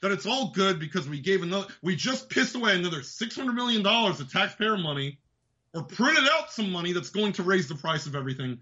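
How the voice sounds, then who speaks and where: A man's voice: high-pitched, big pitch swings, fairly quick, bright, forceful tone, highs cut off. A man hosting a show, delivering an angry, profane political rant. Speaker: host. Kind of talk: ranting political commentary.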